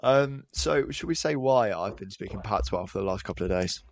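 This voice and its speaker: A young man co-hosts a podcast in a low voice, joking and rambling through loose chat. The sound is close and dry. He often restarts his sentences. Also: animated, normal speed, vocal fry, no room sound. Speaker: podcast co-host. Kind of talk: casual chat.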